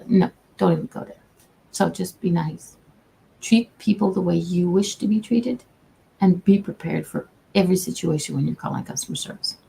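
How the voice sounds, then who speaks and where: Her voice sits fairly low and sounds gravelly, and the poor audio has a slight hiss or hum. This customer service agent streams from her own camera, handing out casual advice in a warm, folksy, chatty manner and frequently starting sentences over.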